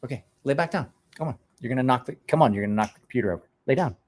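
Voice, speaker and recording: A man's voice: medium pitch, expressive, racing. A man chatting casually on a live stream, rambling, restarting words, and talking to his dog in between.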